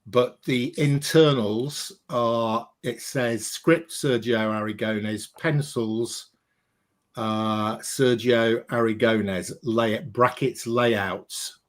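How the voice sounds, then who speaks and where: A man's voice: mid-range voice, steady tone, slow pace. A man co-hosting a casual talk show, presenting comics with a hesitant, um-filled delivery. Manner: hesitant, many ums, reads from a database. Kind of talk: casual chat.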